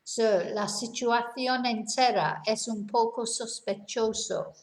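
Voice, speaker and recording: A woman teaching slang as a language teacher, speaking slowly and deliberately and repeating each example twice. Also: on the high side, echoey room. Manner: explains in simple words, mixes in Spanish. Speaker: English teacher. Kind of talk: language lesson.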